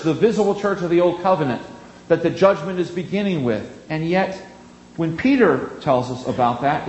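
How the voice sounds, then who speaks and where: A man preaching a sermon in an earnest, emphatic way, leaning on key words with dramatic pauses. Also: on the high side, darkish tone, echoey room, a little hiss or hum, low-quality recording.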